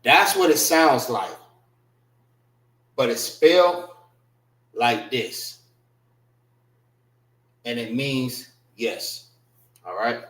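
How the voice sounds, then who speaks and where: Man teaching a class, very slow and patient with his words, in an echoey classroom. Mid-range voice. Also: mid-range voice, animated, a bit bright. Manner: patient, repeats words slowly, spells them out. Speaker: class instructor. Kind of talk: classroom lesson on writing and pronunciation.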